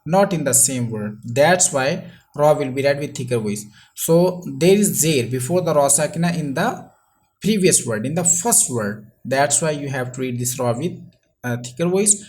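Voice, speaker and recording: Slow Pakistani man teaching Quran reading. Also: fairly high pitch, animated, darkish tone. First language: Urdu. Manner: drills letter by letter, stretching syllables, repeats rules. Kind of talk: slow spelled-out recitation lesson.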